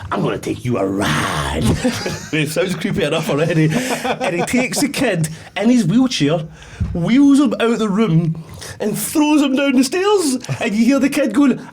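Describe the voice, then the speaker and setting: A man's voice: very high-pitched, measured pace, background noise. A man co-hosting a podcast, telling stories in rambling casual chat with frequent laughter. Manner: rambling, laughing, animated storytelling. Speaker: podcast co-host.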